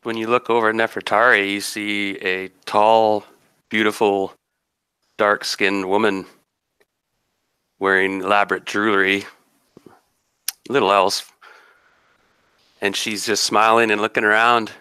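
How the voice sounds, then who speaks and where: Resonant, forceful game master, dry sound. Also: male voice, fairly low pitch, little pitch movement, a little slow, long pauses, clear, resonant tone, dry recording. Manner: rambling, descriptive, many restarts. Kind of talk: narrating a tabletop game.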